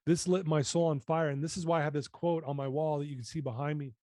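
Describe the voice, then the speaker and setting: A man's voice: a little high, fairly even intonation, fast talker, dark tone, no echo, studio quality. A man in his fifties telling his personal story as a podcast guest, earnest and emotional.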